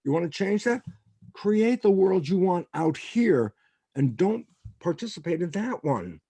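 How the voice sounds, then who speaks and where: Gravelly older man telling animated stories. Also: high voice, measured pace, no room sound. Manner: animated storyteller, acts out quotes. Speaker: guest scientist. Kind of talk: storytelling in a podcast interview.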